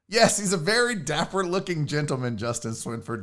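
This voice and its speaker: A man's voice: on the high side, big pitch swings, brisk, hardly any pauses, a bit bright. A man hosting his own sports show, talking casually in a rambling, jokey way and swearing freely. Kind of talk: casual livestream talk.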